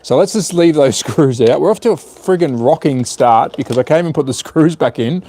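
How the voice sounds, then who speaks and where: A man's voice: fairly high pitch, expressive, moderate pace, dark tone, a little hiss or hum. Chatty guy tinkering live. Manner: chatty, self-deprecating, mutters to himself while working. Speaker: hobby livestreamer. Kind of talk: casual live-stream commentary while tinkering.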